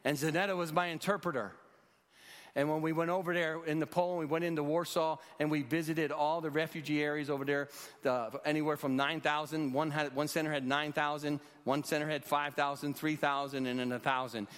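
A man's voice: a little high, level tone, brisk, a bit bright. A man in his sixties, leading a rescue mission, telling a testimony in an earnest storytelling preacher's manner. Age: 60s. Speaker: rescue mission leader speaking at churches. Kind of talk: testimony talk in a church. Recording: long hall reverb.

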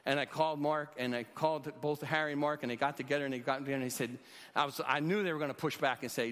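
A man in his sixties gives a church testimony, earnest and story-driven like a seasoned lay preacher. His voice sits a touch high for a man. It rings out with a long reverb tail in a large hall. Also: steady tone, quick pace, fairly bright tone. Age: 60s. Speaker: rescue mission leader speaking at churches.

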